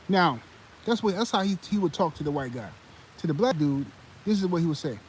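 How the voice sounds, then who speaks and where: A man hosting a live sports commentary stream, talking in a heated, animated way with many fillers and restarts. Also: fairly high pitch, brisk, a little hiss or hum, low-quality recording. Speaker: sports commentary channel host.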